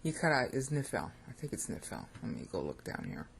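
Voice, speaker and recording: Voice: medium pitch, wildly swooping pitch, a little fast, gravelly, a little hiss or hum. An American Bible teacher giving an informal lecture on scripture, thinking aloud and checking in with listeners.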